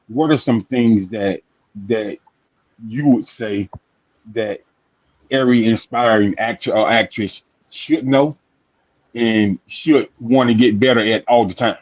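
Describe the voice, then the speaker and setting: Brief: deep-ish male host, easygoing, repeats "okay", dry lo-fi call sound. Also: no echo. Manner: repetitive affirmations, relaxed. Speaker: talk show host. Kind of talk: casual interview hosting.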